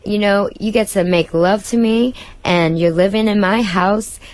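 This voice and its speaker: A woman guest in a radio interview, telling a story with lots of energy and acting out what people said with sudden pitch jumps. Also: a little slow, no room sound. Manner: excitable, acts out quotes with big jumps in pitch.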